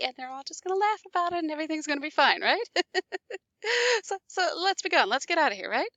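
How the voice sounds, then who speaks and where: A woman's voice: high voice, moderate pace, pauses often, no room sound. A woman teacher reading a classic story aloud and explaining it in casual asides. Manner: animated, casual asides checking in with listeners.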